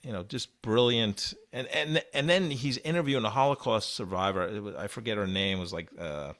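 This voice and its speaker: Low-voiced man recapping casually. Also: brisk, a bit bright. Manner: rambling, frequent restarts and "you know". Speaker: podcast co-host. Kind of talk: casual podcast recap chat.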